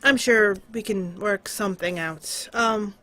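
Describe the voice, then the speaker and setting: A woman voicing an eager, chatty male town guard in a tabletop game, talking quick and a little higher. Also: bright, forceful tone.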